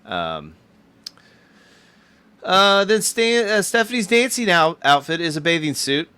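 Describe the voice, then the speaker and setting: A man's voice: sits high, very animated, unhurried, bright, forceful tone, clean tone, no room sound. A man hosting a casual movie discussion, reading out his own notes in an easygoing way.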